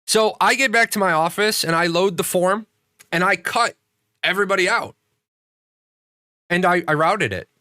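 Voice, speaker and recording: A man's voice: high-pitched, normal speed, pauses often, sharp tone, no room sound, clean studio sound. A man hosting a casual livestream, telling rambling stories full of swearing and restarts. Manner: profane, ranting storyteller. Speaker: streamer hosting a game community show.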